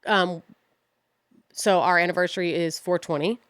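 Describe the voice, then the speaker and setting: A woman's voice: on the low side, steady tone, normal speed, a bit bright, dry recording, studio quality. Frank, swearing young woman podcaster. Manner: frank, swears often, scattered and self-mocking. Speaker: podcast host. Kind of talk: casual rambling monologue.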